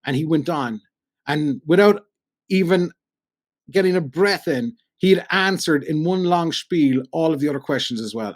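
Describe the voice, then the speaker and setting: A middle-aged man with a Cork Irish accent, a radio broadcaster telling animated anecdotes in a casual chat and acting out the voices he quotes. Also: fairly high pitch, moderate pace. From Ireland. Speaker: podcast guest, radio broadcaster.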